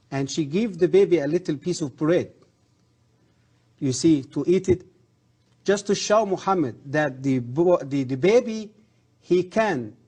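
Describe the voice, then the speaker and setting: Earnest man, husky voice. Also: a little high, warm tone. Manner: earnest, halting non-native English with rising emphasis. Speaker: guest, former professor. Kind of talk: religious TV interview.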